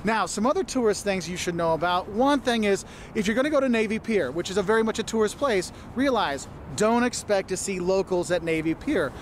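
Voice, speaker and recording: A man with a notably high voice talks through travel tips in a chatty, explanatory way. Faint noise sits under the voice of the played clip. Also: expressive, brisk. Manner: chatty, explains with "okay?" and "look". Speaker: travel video presenter. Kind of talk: scripted travel guide talk.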